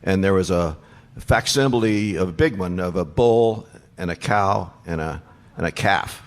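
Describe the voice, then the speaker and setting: A man in his sixties telling band road stories on stage before an audience, animated and acting out the voices of people in his stories. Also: low voice, unhurried. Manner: animated storyteller, acts out quoted voices. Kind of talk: onstage storytelling panel.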